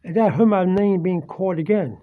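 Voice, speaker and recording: Man, high voice, earnest halting storytelling, frequent restarts, home dining room, dull lo-fi sound. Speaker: vlogger. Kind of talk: casual first-person storytelling.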